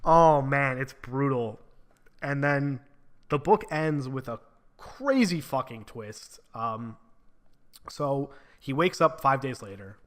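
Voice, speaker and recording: A man's voice: medium pitch, slow pace, a bit bright. Casual, foul-mouthed man reviewing a book. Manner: casual, swears freely, many filler "like"s.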